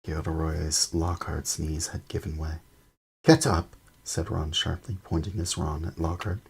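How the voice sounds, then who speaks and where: A man reading a storybook aloud on a stream, slow and measured. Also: very deep voice, level tone, gravelly, slightly rough. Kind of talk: storybook narration.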